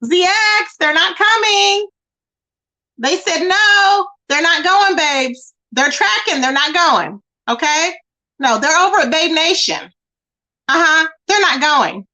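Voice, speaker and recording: A woman hosting a live stream gossips casually with her chat, with a high voice that swings widely in pitch. She talks in a mocking, animated way and keeps calling out to the viewers. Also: slow pace.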